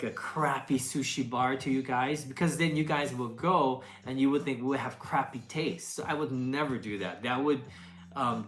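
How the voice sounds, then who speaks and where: A woman who makes food videos, chatting casually and answering questions, with lots of fillers, restarts and laughs. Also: a bass voice. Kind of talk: casual Q&A chat. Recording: echoey room, faint music behind.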